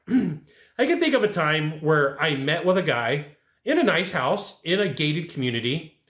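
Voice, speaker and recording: A man coaching salespeople in an animated way, acting out his customers' lines as he goes. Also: fairly high pitch. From California. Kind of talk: energetic coaching monologue. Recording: roomy echo.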